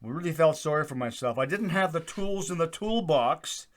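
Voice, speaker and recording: A middle-aged man hosting his own video channel, talking in a casual, rambling way with plenty of "uh" fillers and a loud, projecting voice. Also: fairly high pitch, animated, normal speed. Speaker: YouTube channel host. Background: accordion folk music playing faintly.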